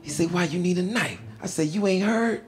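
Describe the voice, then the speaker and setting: Male comic, slow easy storytelling, acts out the voices, slightly raised pitch, music bed behind. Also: lively intonation. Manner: laid-back drawl, acts out voices, laughs at own lines. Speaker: stand-up comedian. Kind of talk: stand-up storytelling over animation.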